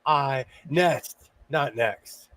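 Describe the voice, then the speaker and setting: A man's voice: mid-range voice, drawn-out words, fairly bright tone, no echo. An older man hosting a casual livestream chat, talking chattily and laughing easily. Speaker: host.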